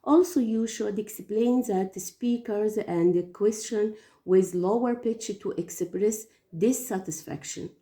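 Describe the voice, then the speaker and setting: Slow, careful Arabic-speaking woman teacher. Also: medium pitch, warm tone. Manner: slow, careful explaining with hesitations. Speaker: English teacher. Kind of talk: teaching tips, spoken lesson. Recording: echoey room.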